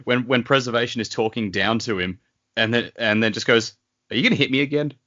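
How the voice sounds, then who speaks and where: A man's voice: medium pitch, brisk, bright, forceful tone, dull audio. A man co-hosting a podcast, jumping in to tease and correct the other host in casual chat. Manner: teasing, jumps in to correct.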